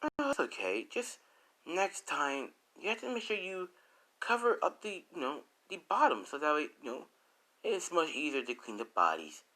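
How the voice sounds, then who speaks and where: A doting, unbothered mother, as a male storyteller puts her on, speaking in a high, mild voice. She scolds kindly and lightly, as if nothing is wrong. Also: very animated, normal speed, pushed and bright. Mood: motherly. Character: calm, doting mother who approves murder.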